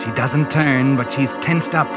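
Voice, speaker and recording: A man narrating in a suspenseful present-tense style, over loud background music. The recording is an old 1940s radio drama. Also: mid-range voice, unhurried.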